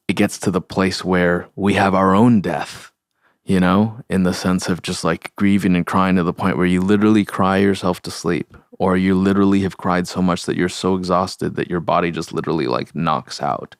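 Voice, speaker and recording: Young male podcast host, slow searching delivery, dry close sound. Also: deep voice, steady tone, no room sound. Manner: slow, halting, searching for words with many fillers; sincere, open about grief. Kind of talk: reflective solo podcast talk.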